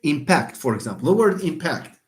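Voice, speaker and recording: A man teaching English word stress in an online lecture, drawing out words slowly and with emphasis. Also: fairly high pitch, sing-song. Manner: slow, emphatic, drawn-out words.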